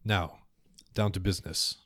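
A man's voice: deep voice, fairly even intonation, normal speed, a bit bright, no room sound, studio quality. A man playing a stern old earth-creature chief. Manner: formal, commanding, grave.

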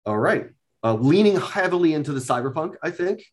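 A man, a guest, explaining things step by step in a casual talk, often pausing with "um". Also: on the high side, expressive. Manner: explains methodically, with many hesitations and "um"s. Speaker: guest, card deck inventor.

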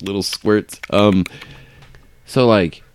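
A man in casual, crude chat with a friend, laid-back and swearing, with sudden loud bursts when a story gets going. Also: lowish voice, steady tone, slow pace, clean tone.

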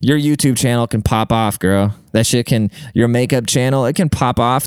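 A man's voice: mid-range voice, animated, moderate pace, few pauses, a little mellow, smooth, dry recording, studio quality. A man rambling through a casual comic monologue, profane and self-deprecating, full of fillers. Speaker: comedian and podcaster.

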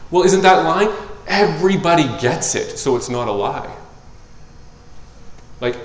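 Animated male pastor in an echoey room. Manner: animated, acts out quoted voices in a higher pitch. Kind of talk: sermon.

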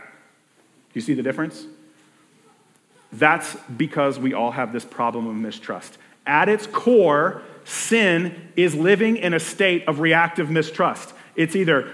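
A man's voice: fairly high pitch, normal speed, fairly bright tone, in a large hall. A man preaching a sermon in a casual, conversational way, often restarting his sentences and acting out people's inner voices. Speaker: pastor.

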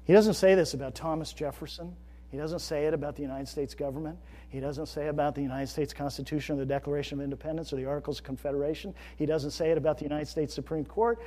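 A middle-aged man preaching a sermon as a pastor, moving between loud, emphatic declarations and quiet, conversational asides. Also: on the high side, fairly even intonation, fast talker, in a large hall.

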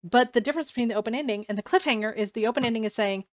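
A woman co-hosting a casual book podcast, animated and acting out her own reactions as she talks. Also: a little high, rapid-fire, no echo, studio quality. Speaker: podcast co-host. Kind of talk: casual chat about books.

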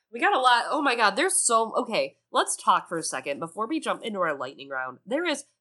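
A woman co-hosting a casual book discussion podcast, animated and sarcastic, swearing freely. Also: mid-range voice, a little fast. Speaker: podcast co-host.

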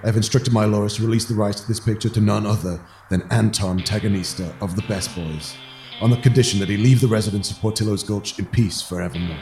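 A man voicing a dead cowboy's measured farewell letter in a comic game role-play. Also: on the low side, steady tone, darkish tone, pitched below the performer's own voice, natural voice. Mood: solemn. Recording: roomy reverb with guitar music.

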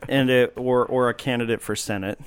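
A man's voice: medium pitch, little pitch movement, fairly quick, smooth, no room sound. A man hosting a casual talk show from a coffee shop, rambling along with frequent fillers and wry asides. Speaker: podcast host. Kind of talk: casual conversational chat.

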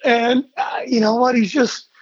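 Husky-voiced man telling a story with energy. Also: very high-pitched, a little slow, dry recording. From Michigan. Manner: energetic, animated storyteller who acts out quoted dialogue. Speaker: podcast guest. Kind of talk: casual storytelling interview. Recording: dull, slightly lo-fi dry sound.

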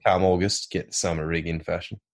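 A man's voice: low voice, fairly even intonation, a little fast. A man co-hosting a podcast, talking in an enthusiastic, rambling way and swearing casually. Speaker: podcast co-host. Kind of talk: casual chat.

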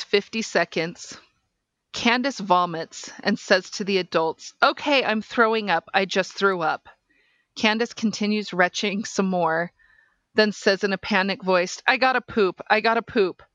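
A woman podcast host reading a case transcript aloud in a measured, deliberate way. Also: medium pitch, fairly bright tone, no room sound.

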